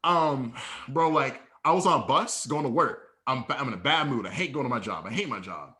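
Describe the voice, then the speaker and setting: Animated profane podcast co-host, bright voice. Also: male voice, mid-range voice, fairly quick. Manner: profane, slangy, tells stories with acted-out dialogue. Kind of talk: casual storytelling chat.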